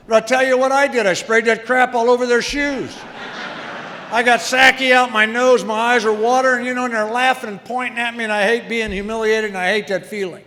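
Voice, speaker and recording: A man's voice: sits high, pushed and bright. A man in his sixties telling his own story at a recovery meeting in a wry, self-deprecating way. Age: 60s. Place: meeting hall. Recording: long reverb of a meeting hall.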